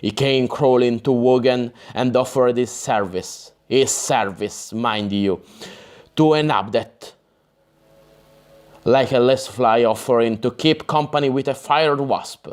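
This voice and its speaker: A man doing a gruff growling berserker. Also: slow pace, lightly acted. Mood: grim, growling. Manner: growling, low and grim. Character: gruff, bitter male berserker warrior.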